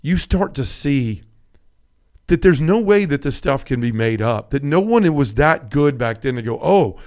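A man's voice: medium pitch, expressive, normal speed, darkish tone. A man hosting a podcast, talking earnestly and emotionally about a pilgrimage, reading scripture aloud and rambling with restarts. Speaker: podcast host. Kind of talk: casual conversation about a pilgrimage.

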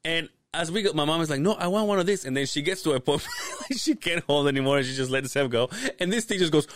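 A man's voice: on the high side, animated, fast talker, a bit bright, a little hiss or hum. A young man telling a funny story on a podcast, laughing often and swearing casually. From Latin America. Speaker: podcast host.

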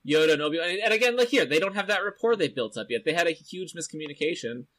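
A man's voice: fairly high pitch, expressive, racing, fairly bright tone. A man hosting a casual podcast discussion, recapping an episode in a chatty, rambling way full of fillers. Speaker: podcast host.

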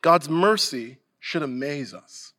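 A man's voice: a little high, lively intonation, slow pace, pushed and bright. A male pastor preaching a sermon earnestly and emphatically, sometimes restarting a phrase.

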